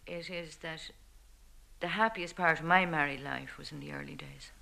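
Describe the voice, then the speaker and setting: A woman reflecting on her married life in an interview, speaking softly and haltingly. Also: deep voice, creaky. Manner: soft, halting and thoughtful.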